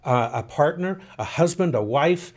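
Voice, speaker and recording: A man's voice: on the high side, animated, normal speed. A man co-hosting a podcast, telling a folksy story and reflecting on it in casual chat. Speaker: podcast co-host.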